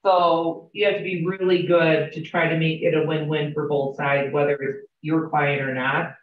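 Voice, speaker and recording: A woman with a deep, level-toned voice speaks at normal speed while teaching real estate agents in a training room with a group. She's chatty and candid, telling stories and putting questions to the class. The classroom recording is roomy, distant, and dull.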